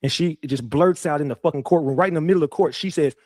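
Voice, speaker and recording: A man with a fairly high voice gives fired-up, profane commentary on a trial, repeating himself as he tells the story. He talks straight to his viewers. The sound is dry and close, with no room echo. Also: fast talker, darkish tone. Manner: addresses viewers directly. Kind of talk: casual commentary.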